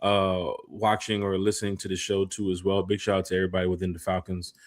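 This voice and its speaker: A man co-hosting a casual live fan podcast, reading out viewer shout-outs with energy. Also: deep voice, completely flat delivery, fast talker. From lived in Memphis. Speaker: podcast co-host. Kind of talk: casual live-stream chat.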